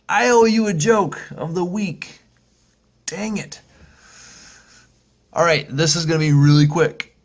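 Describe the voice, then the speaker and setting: A man hosting a casual vlog, talking in a rambling, upbeat way with lots of fillers and restarts, and telling a funny story. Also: a little high. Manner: acts out screeching monkey sounds when telling a story. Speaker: vlog host.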